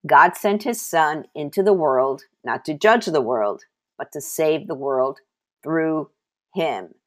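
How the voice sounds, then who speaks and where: A woman's voice: sits low, lively intonation, slow pace. A woman giving a devotional Bible teaching, mixing scripture reading with her own testimony and repeating key phrases for emphasis.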